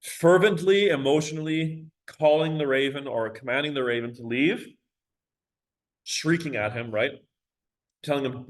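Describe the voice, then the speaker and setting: A male teacher gives a recorded lecture on a poem, speaking casually with many fillers and reading the verse aloud dramatically. His voice is a little high and moderately paced, and the recording is rough.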